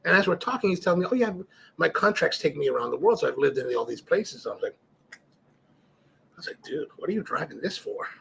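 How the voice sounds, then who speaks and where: A man's voice: on the high side, sing-song, fast talker, vocal fry, slight background noise. A middle-aged man hosting a cigar live stream, chatting casually, reading viewer comments and rambling through stories with many restarts. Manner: rambling, storytelling, frequent restarts and fillers. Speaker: cigar livestream host.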